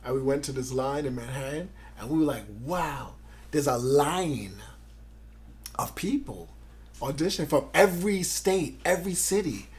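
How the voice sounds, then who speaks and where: A man in his forties from Grenada, telling his life story as an interview guest, loud and excited, acting out what others said. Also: on the high side, moderate pace, a little hiss or hum. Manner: animated, acts out quotes, loud and excited.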